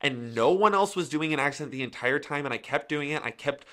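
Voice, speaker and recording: A man, a guest actor in a casual interview, telling stories in a quick, joking, animated way. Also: a little high.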